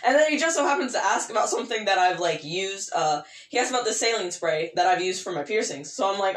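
A woman chats on a laid-back podcast, winding through a long story about her day with plenty of casual swearing and laughter. Her voice sits at an ordinary pitch, and the room around her gives it a noticeable echo. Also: fast. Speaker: podcast co-host. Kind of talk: casual chat. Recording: echoey room.

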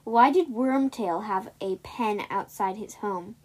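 A woman's voice: medium pitch, slow. A young woman co-hosting a casual podcast, reading out riddles and stumbling over the wording now and then. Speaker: podcast co-host.

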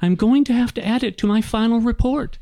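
A man's voice: very high-pitched, brisk, mellow, voice pushed up. A man voicing a young female gnome inspector with a prim, officious, exasperated manner. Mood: stern.

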